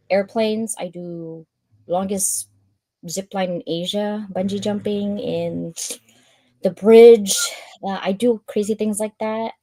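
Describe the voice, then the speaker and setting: Lively laughing woman, dry sound. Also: medium pitch, no echo. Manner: animated, laughs often, acts out her own thoughts. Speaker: live stream host. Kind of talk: live stream chat reading a checklist.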